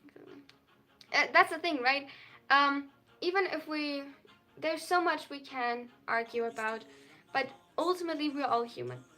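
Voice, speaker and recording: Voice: sits high, normal speed, pushed and bright, faint music behind. A young adult non-binary streamer with a German accent, earnestly reading out chat messages and answering them at length on a live stream. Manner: earnest, reads chat aloud and replies at length.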